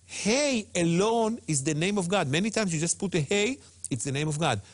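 Man, slightly high voice, very lively pitch, emphatic, repeats himself, religious TV guest. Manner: emphatic, repeats words and slows on Hebrew terms. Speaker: guest Hebrew teacher. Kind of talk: animated religious TV talk.

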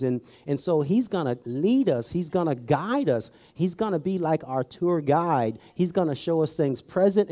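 This middle-aged man has a mellow, fairly high voice as he preaches a conversational sermon. He's folksy and tells stories, putting questions directly to his listeners.

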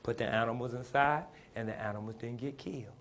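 Fiery preacher man with climbing shouts. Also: medium pitch, fast, slight background noise. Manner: preaching with rising shouted emphasis and call-and-response; plain-spoken, folksy speech. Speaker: pastor. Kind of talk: sermon.

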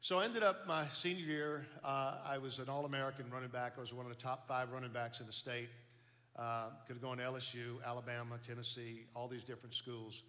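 An older man telling his life story as a testimony, folksy and animated, often restarting his words. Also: mid-range voice, brisk. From Baton Rouge, Louisiana. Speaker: speaker giving testimony. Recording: long hall reverb.

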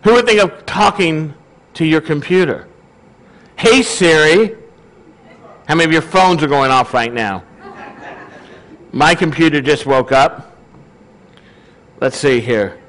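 High-voiced male pastor preaching casually. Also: measured pace, long pauses, a bit bright, low-quality recording. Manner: conversational, asks the congregation questions. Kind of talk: sermon.

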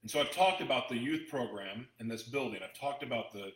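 A man's voice: medium pitch, lively intonation, fairly quick, roomy sound, very noisy. Chatty man telling a rambling story. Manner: rambling, emotional, chatty with frequent restarts. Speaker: host addressing an audience. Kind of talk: casual storytelling talk.

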